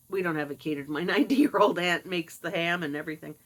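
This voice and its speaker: A woman's voice: on the low side, expressive, fast talker, hardly any pauses. A middle-aged woman talking casually to camera, sarcastic and mocking, putting on voices when she quotes people. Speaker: vlogger. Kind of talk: casual monologue.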